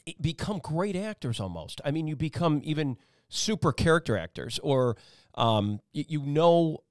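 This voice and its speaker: A man's voice: on the high side, big pitch swings, normal speed, smooth, dry recording, studio quality. A man hosting a casual talk-show interview, rambling and emphatic, with many restarts. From Italian-American family. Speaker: talk show host and meteorologist.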